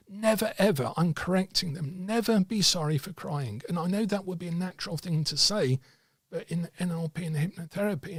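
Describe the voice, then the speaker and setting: A man teaching tarot reading, speaking in a measured, explanatory way. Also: on the high side, a bit bright, breathy edge, no room sound. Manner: measured, explanatory, acts out client dialogue. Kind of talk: teaching talk with acted examples.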